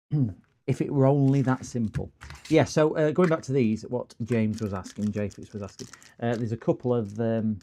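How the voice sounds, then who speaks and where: A man's voice: on the low side, gravelly, mellow, a little hiss or hum. A man hosting a repair livestream, chatting casually and rambling with lots of fillers. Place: home workshop.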